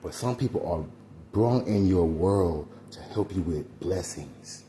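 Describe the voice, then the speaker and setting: Deep-voiced man preaching casually. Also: expressive, a little slow, mellow, slight background noise. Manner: preachy, rambling, addresses listeners as y'all. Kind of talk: casual spiritual monologue.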